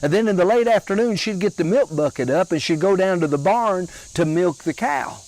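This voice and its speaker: An older man from Alabama with a Southern accent, telling homespun humorous stories in a slow, drawling way with chuckles. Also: high-pitched, a little mellow, rough recording. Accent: Southern American. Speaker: storyteller. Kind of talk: folksy humorous storytelling.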